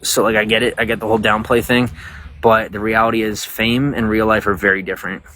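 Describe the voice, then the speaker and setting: Low-voiced guy rambling on a night livestream outside, lots of likes and you knows, faint hiss behind. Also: little pitch movement, fast, pushed and bright. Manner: rambling, talks to viewers, many fillers. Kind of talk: casual livestream chat. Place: outdoors at night, bugs around.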